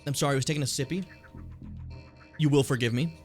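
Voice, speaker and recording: A man's voice: mid-range voice, fast, music in the background. A tired man in his late twenties, streaming a game casually, swearing freely and stumbling as he reads on-screen text aloud. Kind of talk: casual gameplay commentary.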